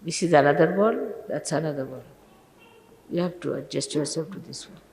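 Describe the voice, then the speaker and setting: A woman's voice: low-pitched, lively intonation, normal speed, darkish tone, slight background noise. Older woman, spiritual teacher, stern emphatic sermon, rhetorical questions; roomy hall reverb, old archive tape. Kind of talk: informal sermon to followers.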